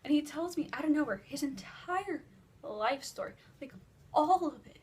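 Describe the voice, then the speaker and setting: A teenage girl vlogger telling a dream story in casual, rambling chat, filler-heavy and animated. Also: high-pitched, normal speed. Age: teens. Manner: breathless and animated while retelling a dream.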